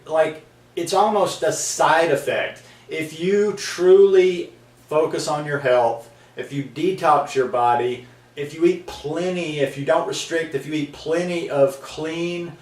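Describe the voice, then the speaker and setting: Guy rambling earnestly at the camera, lots of ums, mid pitch, echoey room a bit off mic. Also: distant mic. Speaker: vlog host. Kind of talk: casual talking-to-camera monologue.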